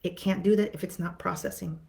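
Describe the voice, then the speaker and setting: A woman's voice: fairly low pitch, steady tone, fairly quick, creaky, darkish tone. A woman therapist giving a conversational teaching talk to viewers, repeating words and acting out what clients say.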